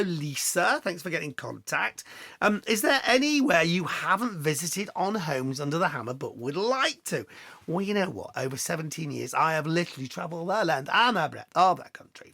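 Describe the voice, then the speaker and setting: A man's voice: fairly high pitch, bright, forceful tone, no echo, studio quality. A middle-aged man chatting casually as he answers viewer questions, telling anecdotes with self-deprecating humor. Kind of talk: casual Q&A chat.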